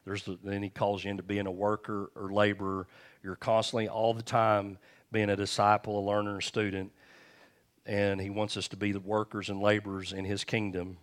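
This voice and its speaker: A man's voice: on the low side, completely flat delivery, moderate pace. A man pastor preaching a sermon in a church, telling a personal story in a conversational way before reading scripture.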